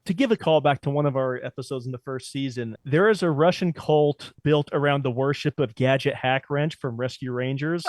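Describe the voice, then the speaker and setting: A male podcast co-host chatting casually, tossing out questions with easy laughs. His voice sits at an ordinary middle pitch and sounds dry and close. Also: normal speed, hardly any pauses, no echo. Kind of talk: casual chat.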